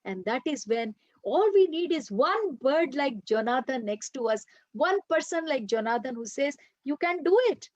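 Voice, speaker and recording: A woman leading a children's workshop, telling a story in an animated way. Her voice is high. The recording is dry and a little dull. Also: normal speed, hardly any pauses, dry recording. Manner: animated, addresses listeners as "masters".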